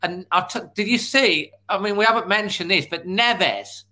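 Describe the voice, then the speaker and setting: High, bright-voiced man talking football. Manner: measured, explains points step by step. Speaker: football podcast co-host. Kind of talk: casual fan chat.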